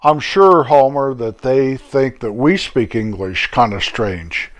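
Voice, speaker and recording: A man voicing a patient, sensible old country man who calmly corrects his friend. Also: medium pitch, takes it slowly, muffled recording, pitched below the performer's own voice, close to an everyday voice. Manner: calm, gently correcting.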